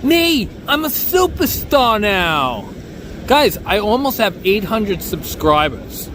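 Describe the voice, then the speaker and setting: Boastful high-voiced New York man. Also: takes it slowly, slight background noise. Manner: boastful, joking, self-mocking, animated. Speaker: bodyboarding vlogger. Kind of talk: rambling comic vlog monologue.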